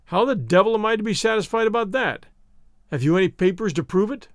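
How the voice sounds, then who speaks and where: A man's voice: high-pitched, lively intonation, fast talker, no echo, studio quality. A man voicing a hot-tempered retired officer who barks orders and blusters with oaths. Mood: angry. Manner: barking, blustering, swearing.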